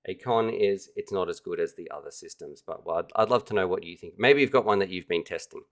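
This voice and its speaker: A deep-voiced man chats casually on a livestream. He sounds upbeat and keen, and he talks straight to his viewers like friends hanging out. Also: fast. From Australia. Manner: enthusiastic, chatty, addresses viewers directly. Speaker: livestream host.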